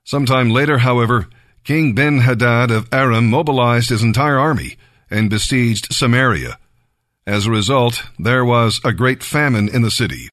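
Man reading scripture, slow deliberate pace, dry close sound. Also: mid-range voice, fairly bright tone, dry recording. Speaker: Bible reader.

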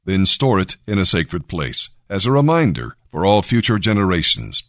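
A man reading the words of Moses, a stern elderly leader, in an earnest, measured way. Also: sits low, sing-song, a bit bright, no echo, clean studio sound. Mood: instructing.

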